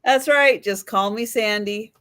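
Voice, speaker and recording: A woman's voice: mid-range voice, measured pace, fairly bright tone. A woman guest in a casual live chat, dry and teasing.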